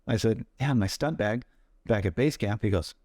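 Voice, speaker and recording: A man who works as a stuntman, telling lively anecdotes in a casual interview and acting out what people said. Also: on the low side, normal speed, dry recording, studio quality. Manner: animated anecdotes, acts out quoted voices. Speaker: stuntman guest.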